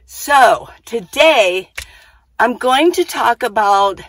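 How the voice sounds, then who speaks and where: A woman's voice: sits high, expressive, slow pace, fairly bright tone. A woman vlogging about living full time in her minivan, chatting to the camera in a casual way, repeating herself and thinking aloud as she goes. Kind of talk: casual vlog talk to camera. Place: outdoors then inside a minivan.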